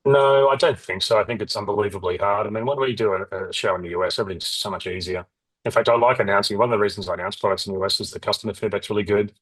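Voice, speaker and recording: A husky, low-voiced man talks fast and freely. He's a company founder in an interview, rambling through stories and acting out what others said to him. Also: rough recording. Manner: rapid, rambling, animated, acts out quoted dialogue. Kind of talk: candid interview storytelling.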